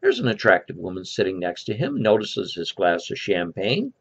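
A man hosting and telling a joke in a folksy, animated storytelling manner, with a gravelly voice, on a lo-fi recording. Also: fairly low pitch, normal speed, few pauses. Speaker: storyteller host. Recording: lo-fi dull recording.

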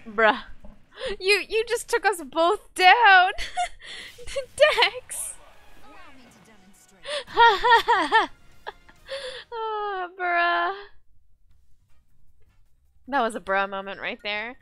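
Young woman game streamer, high and bright, lively pitch swings, unhurried delivery, faint music behind. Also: no room sound. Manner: excitable, laughs and shrieks at the game. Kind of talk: casual live gaming stream chat.

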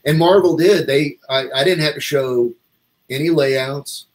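A man's voice: fairly high pitch, unhurried, rough recording. A man telling a long, rambling story in a casual interview, acting out what other people said to him. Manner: rambling, animated, acts out quoted dialogue. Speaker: comic artist guest.

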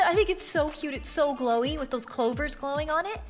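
Woman, high voice, bubbly, gushing, gameplay commentary, light gasps, faint music behind. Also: expressive, fairly quick, few pauses, a bit bright. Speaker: YouTuber showing items in an online game.

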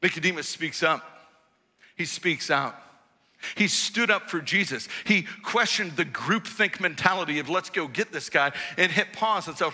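A man preaching a sermon in a church, telling the story with lively, acted-out quotes. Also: fairly high pitch, measured pace, long reverb tail. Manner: animated storytelling, acts out quoted voices. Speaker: pastor. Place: church auditorium.

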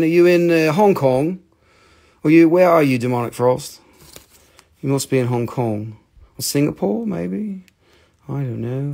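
American guy hosting a live rock sale, kinda high gravelly voice, rambles, swears a lot. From United States. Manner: excitable, rambling, casually profane. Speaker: live-stream seller. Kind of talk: live sales stream chat.

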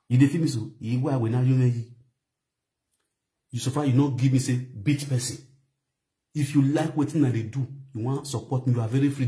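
A young adult man from Nigeria with a Nigerian Pidgin English accent, talking straight to his viewers in a casual, animated live video monologue and repeating his points. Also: medium pitch. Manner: animated, addresses viewers directly, repeats phrases. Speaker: online show host.

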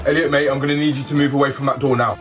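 A man's voice: mid-range voice, little pitch movement, racing, far from the mic, lightly acted. A man voicing a tough armed police officer, barking commands over background music. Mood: commanding.

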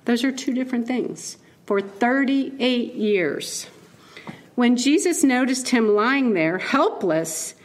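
Playful woman preaching, higher voice. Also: takes it slowly. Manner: playful and animated, laughing at her own asides. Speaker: keynote speaker. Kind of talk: conversational sermon.

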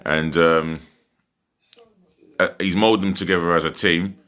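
A man chats through a football match preview in a casual home vlog. His voice sits low but carries a bright, forceful edge. He rambles, stops and restarts, and leans on fillers. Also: fairly even intonation, unhurried. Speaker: football fan vlogger.

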